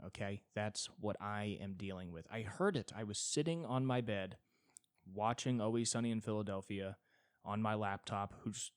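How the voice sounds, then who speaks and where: A man's voice: fairly low pitch, no room sound, studio quality. A man doing a stand-up style solo podcast monologue, rambling and exasperated, with swearing riffs. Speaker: stand-up comedian and podcast host.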